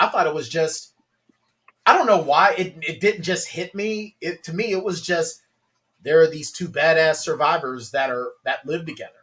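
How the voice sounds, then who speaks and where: A man with a slightly high voice hosts a relaxed TV reaction chat. He talks in an animated way, laughs often, and drops into lower voices when he retells scenes. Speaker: podcast host.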